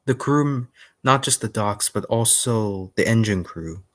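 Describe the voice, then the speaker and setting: A man's voice: fairly low pitch, a little slow, fairly bright tone. A young man co-hosting a stream, mostly giving brief, agreeing replies in casual chat.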